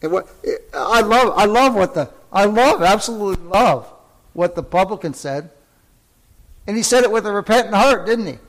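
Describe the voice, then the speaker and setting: Fervent preaching man, raised pitch. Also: lively intonation, moderate pace, low-quality recording. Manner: fervent preaching with rising exclamations; conversational asides and tag questions. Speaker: pastor. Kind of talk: sermon.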